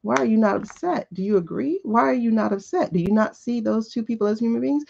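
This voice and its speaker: On a live tarot show, a woman with a somewhat high, creaky, slightly mellow voice talks fast with lively intonation. She's casual and blunt, firing off rhetorical questions laced with profanity as she airs her opinions. The livestream recording sounds dull and lo-fi.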